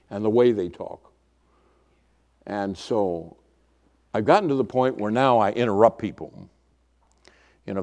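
An older man preaching a conversational sermon, telling personal stories with repetition and letting phrase ends drop quietly. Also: lowish voice.

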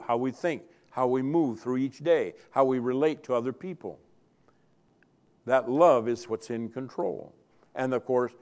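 A male pastor delivers a sermon in a voice of ordinary middle pitch. He leans hard on repetition, doubling key phrases to drive them home. His volume rises and falls sharply as he stresses points. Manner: earnest preaching, dynamic swings in loudness for emphasis; repeats key phrases for emphasis.

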